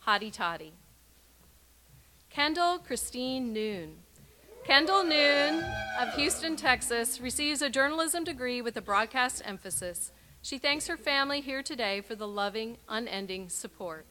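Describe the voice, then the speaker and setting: A woman reading out graduates' names and short personal messages at a university graduation ceremony, with clear, measured announcing and emphatic sign-offs. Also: a little high, animated, pushed and bright, slight background noise.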